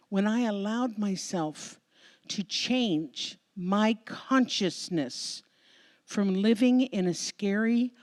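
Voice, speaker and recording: An American woman minister giving a Sunday sermon, telling a personal story in a conversational, emotional, expressive way before a congregation. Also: medium pitch. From United States. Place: church sanctuary before a congregation.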